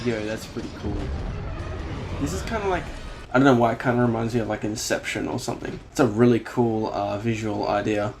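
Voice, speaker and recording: Excitable man reacting to a film. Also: fairly low pitch, a little fast, vocal fry, music in the background. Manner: animated, exclaiming, swearing freely. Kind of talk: casual reaction commentary. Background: film soundtrack playing.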